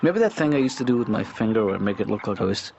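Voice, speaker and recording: A man voicing a mild, hesitant middle-aged therapist in a cartoon, halting and repeating his words. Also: fairly low pitch, expressive, gravelly, a little mellow, a little hiss or hum. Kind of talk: improvised cartoon dialogue. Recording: dull lo-fi soundtrack.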